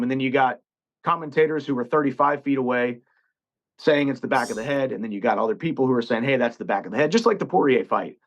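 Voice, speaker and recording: Brief: male interviewee, calm, explanatory, mid pitch, muffled lo-fi clip. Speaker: interviewed fighter. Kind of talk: interview answer. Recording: dull lo-fi played interview clip.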